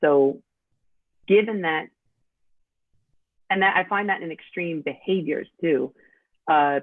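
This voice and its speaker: A woman's voice: deep voice, gravelly, dry recording. A woman from New York with a New York accent, a guest talking in a chatty, straightforward way in a casual interview. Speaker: podcast guest. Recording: tinny phone-like line.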